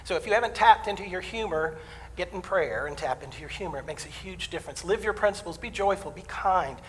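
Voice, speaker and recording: A man's voice: high-pitched, lively intonation, fast talker, a little hiss or hum. A man preaching a sermon as the minister, folksy and humorous, telling personal stories and acting out voices. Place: church sanctuary. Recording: distant mic in a reverberant hall.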